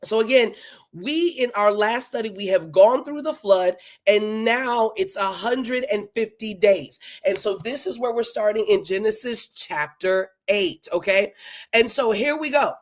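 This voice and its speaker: Teaching a Bible study live and going verse by verse, this eager woman keeps a conversational tone but slows for emphatic scripture readings. Her pitch is medium.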